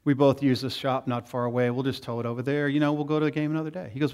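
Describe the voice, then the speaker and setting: A man's voice: medium pitch, very fast, few pauses. A middle-aged male pastor preaching a sermon, telling stories and acting out the voices of people he quotes. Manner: storytelling, animated, acts out quoted voices.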